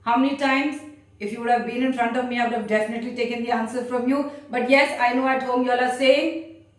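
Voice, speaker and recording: A woman's voice: fairly high pitch, steady tone, fast, far from the mic. A woman teacher patiently explaining a grammar lesson to children step by step. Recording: very echoey room, voice off-mic.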